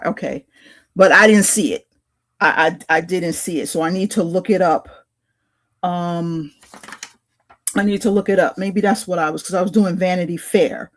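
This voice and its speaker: A woman co-hosting a podcast who tells a story in casual chat. She rambles and hesitates, with many fillers and restarts. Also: fairly low pitch. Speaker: podcast co-host.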